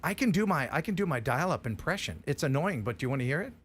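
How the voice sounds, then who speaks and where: A man's voice: a little high, big pitch swings, fast talker, slightly rough. A man hosting a casual live stream, talking in a playful, hesitant way with lots of restarts. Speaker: host.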